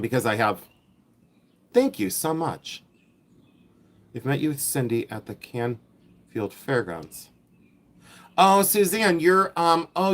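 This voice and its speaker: A man from Ohio hosting a live reseller stream, showing his finds and chatting with viewers in an excitable, repetitive, teasing way. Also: mid-range voice. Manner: excitable, chatty, repeats himself, teases viewers. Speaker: reseller livestream host. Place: outdoors in the heat.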